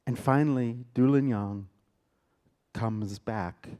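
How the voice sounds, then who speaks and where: This theater director speaks slowly in a mid-range voice while lecturing in a lecture hall. He retells a story with dramatic weight, punctuated by abrupt loud bursts.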